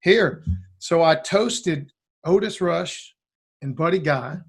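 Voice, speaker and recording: High-voiced man telling a rambling story. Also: slow, vocal fry, breathy edge. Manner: rambling, animated, acts out quoted lines. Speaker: guest musician. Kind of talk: casual storytelling.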